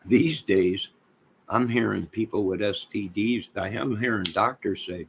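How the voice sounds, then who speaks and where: A man hosting a livestream, rambling and joking in a deadpan way as he talks to viewers in chat. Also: fairly low pitch, unhurried, gravelly, slight background noise, low-quality recording. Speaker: livestream host.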